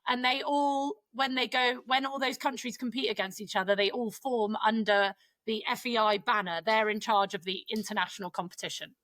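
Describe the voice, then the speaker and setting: A woman's voice: a little high, steady tone, normal speed, few pauses, fairly bright tone, no echo. A British woman co-hosting a podcast, explaining in an upbeat casual way. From United Kingdom. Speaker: podcast co-host.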